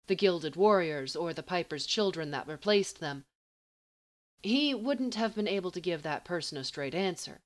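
A woman reading a story aloud in a measured, even way. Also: low-pitched. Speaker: narrator.

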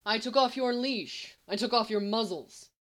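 A woman's voice: a little high, normal speed, fairly bright tone, close to an everyday voice. A woman reading the lines of a smug, scheming male villain in a confident, lecturing manner.

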